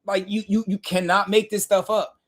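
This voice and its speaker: A man's voice: high-pitched, level tone, normal speed, a bit bright. A man hosting a boxing channel, ranting in casual commentary with heated, profane emphasis.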